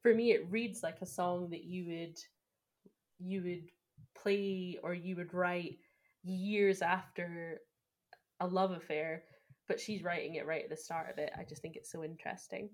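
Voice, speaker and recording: Gushing young woman with a lowish voice. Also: fairly even intonation, unhurried. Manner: gushing, enthusiastic, analytical. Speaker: podcast co-host. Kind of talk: casual film discussion podcast.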